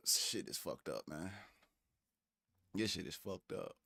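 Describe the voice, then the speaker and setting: A man co-hosting a stream, giving animated, profane commentary with laughing asides. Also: low voice, takes it slowly, vocal fry, no room sound. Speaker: stream co-host. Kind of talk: casual commentary.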